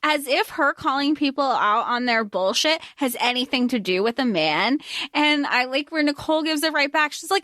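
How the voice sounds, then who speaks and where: A woman co-hosting a podcast, chatting casually about a movie and retelling scenes in an animated way. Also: high voice, no room sound, studio quality. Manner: animated, quick retellings with quoted lines. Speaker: podcast co-host. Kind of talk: casual movie recap chat.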